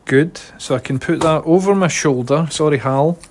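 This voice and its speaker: Chatty Scottish man, slightly high voice. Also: moderate pace. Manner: chatty and excitable, talking straight to viewers. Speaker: live streamer. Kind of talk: casual live-stream chat. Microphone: phone mounted on his head.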